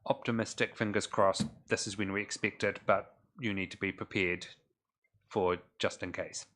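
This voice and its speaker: A man from New Zealand, a council officer, presenting agenda items in a measured way with frequent pauses. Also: lowish voice, steady tone, a bit bright. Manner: measured, many fillers, dry humour. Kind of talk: formal meeting presentation. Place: council chamber.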